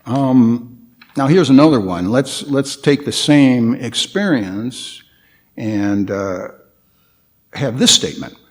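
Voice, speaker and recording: A man giving a guest dharma talk at a temple, hesitant, with frequent pauses and restarts. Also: medium pitch, animated.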